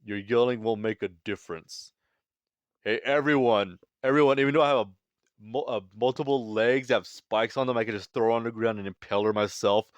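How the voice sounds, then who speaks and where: A man's voice: medium pitch, steady tone, brisk, dry recording, lightly acted. A man voicing a smug male villain in a mocking, offhand parody reading.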